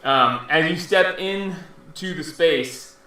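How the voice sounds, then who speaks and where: Echoey far-off man running a game. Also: fairly high pitch. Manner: laughs often, halting with fillers. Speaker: dungeon master. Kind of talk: narrating a tabletop game. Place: home room. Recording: echoey room, mic far off, faint background hum.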